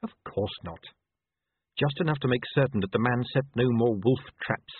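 A sharp-tongued young woman, a werewolf, as a man puts her on, blunt and sarcastic in a storybook reading. The sound is thin and phone-like and bone dry. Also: medium pitch, normal speed, slightly rough, dry recording, close to an everyday voice. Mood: sardonic. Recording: tinny lo-fi dry recording.

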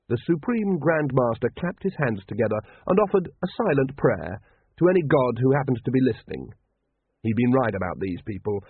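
Man, audiobook narrator, wry, husky voice, tinny dry phone-like sound. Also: medium pitch, very animated, normal speed, no room sound. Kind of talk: scripted narration.

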